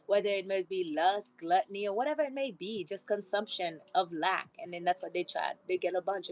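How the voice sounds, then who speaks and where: A woman's voice: mid-range voice, low-quality recording. A woman vlogger giving a rambling, casual motivational talk, with frequent laughter and preachy asides.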